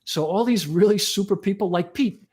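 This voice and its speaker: A man in his sixties tells rambling, profane stories with a grin, slipping into quoted voices of old friends. His voice sits a little high for a man, and he talks like a fire chief holding court among buddies. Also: moderate pace, a little mellow, breathy edge. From United States. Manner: profane, jokey anecdotes with acted quotes. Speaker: guest, fire chief and magazine editor. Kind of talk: casual storytelling chat.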